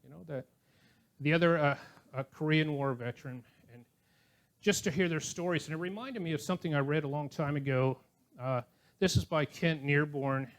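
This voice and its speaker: Older man as a pastor preaching a relaxed sermon; slightly high voice, storytelling, light chuckles. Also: moderate pace. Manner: conversational, anecdotal, with chuckling asides. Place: church.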